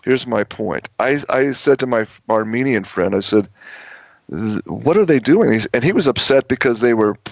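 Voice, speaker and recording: A man's voice: mid-range voice, normal speed, hardly any pauses, no echo. Rambling man telling a story, dull lo-fi. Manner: rambling, many restarts and repeated words. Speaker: radio show host telling a story. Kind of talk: casual storytelling on a talk radio show. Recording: dull lo-fi audio.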